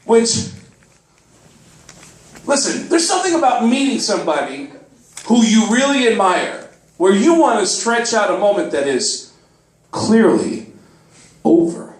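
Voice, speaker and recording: High, animated man doing stand-up. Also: a little slow, long pauses. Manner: animated, swings into loud high shouts when acting out characters. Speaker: stand-up comedian. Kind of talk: stand-up comedy storytelling. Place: comedy club stage. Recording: roomy club sound from a distance, faint noise.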